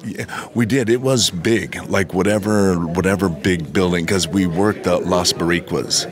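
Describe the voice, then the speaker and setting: A man's voice: deep voice, a little slow. A man, a wrestler guest, telling old stories in a laid-back, easygoing way. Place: backstage at a wrestling show. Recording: loud crowd noise behind.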